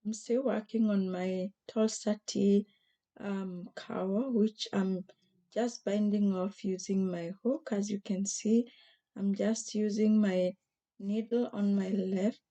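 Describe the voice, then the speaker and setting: Hoarse, mellow-voiced woman chatting about crafts. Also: medium pitch, fairly even intonation, slow pace. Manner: gentle, chatty, with frequent fillers and restarts. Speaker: crochet vlogger. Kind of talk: casual craft tutorial.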